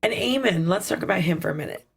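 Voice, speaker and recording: A woman co-hosting a casual TV recap chat, talking in an animated way and driving her points home by repeating them. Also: lowish voice, quick pace, breathy edge. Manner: animated, emphatic repetition. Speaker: co-host.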